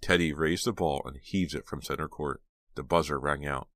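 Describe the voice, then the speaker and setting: A man narrating an audiobook in a measured storytelling manner on a close mic. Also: extremely low pitch, fairly bright tone, no echo. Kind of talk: scripted narration.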